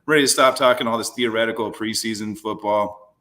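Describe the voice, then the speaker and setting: A man's voice: fairly low pitch, steady tone, fairly quick, bright, forceful tone. A man co-hosting a casual sports podcast, laid-back and jokey, over a video call. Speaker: podcast co-host.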